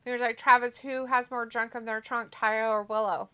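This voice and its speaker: A woman's voice: fairly high pitch, flat delivery, a little fast, pushed and bright, clean tone. A woman co-hosting a casual live watch-along stream, reading viewer comments aloud and laughing easily. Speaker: stream co-host reading chat.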